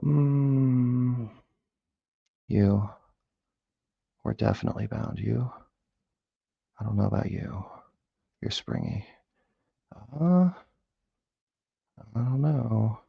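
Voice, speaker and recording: A man with a low, gravelly voice talks his way through picking a lock, dropping to mutters and whispers aimed at the pins and swearing when they fight back. The sound is dry and close with no room around it. The audio is a little dull and lo-fi, like a basic camera mic. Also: very slow, pauses often, no echo. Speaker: hobbyist lock picker. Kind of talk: casual talk-along while lock picking.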